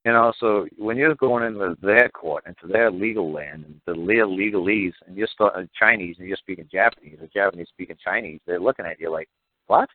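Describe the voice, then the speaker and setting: Call-in talker, man, lowish voice, insistent and mocking, phone-quality audio. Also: a little fast, hardly any pauses, dry recording. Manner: emphatic, repetitive, mocking impressions of officials. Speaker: talk show guest explaining court procedure. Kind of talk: animated phone-in talk. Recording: tinny phone line, dry.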